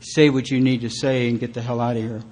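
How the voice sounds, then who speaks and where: A man acting out a seething, gruff old hunter father. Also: mid-range voice, little pitch movement, fast, a little mellow, natural voice. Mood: seething anger. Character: bitter older father, a hunter, threatening.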